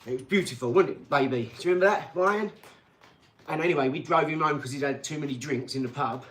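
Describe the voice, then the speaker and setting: A man's voice: a little high, fast talker. Rambling man in casual chat. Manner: rambling, boastful and excitable, with frequent tag questions. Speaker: channel host reading viewer comments.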